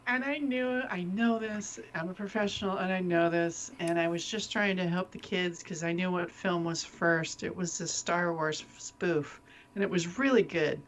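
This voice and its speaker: A lively woman chatting on a live stream, laughing often as she talks. Her voice sits a little low for a woman. Faint room ambience hums behind her. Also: moderate pace, a little hiss or hum, poor audio. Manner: laughs often, animated, loses her train of thought. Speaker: co-host. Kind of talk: casual chat.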